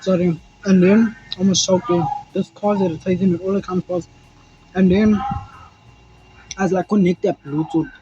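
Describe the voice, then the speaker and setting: A young South African man telling a rambling, animated story to camera, swearing freely and acting out moments as he goes. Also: sits high, normal speed, pauses often, slight background noise. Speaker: vlogger. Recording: dull lo-fi sound with faint music.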